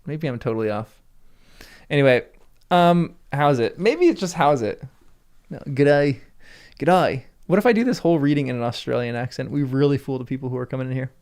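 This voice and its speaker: Man, livestream host, casual chat, gravelly voice, laughs a lot, medium pitch. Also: animated, fairly quick, a little mellow. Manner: chatty, answers live chat comments with frequent laughs.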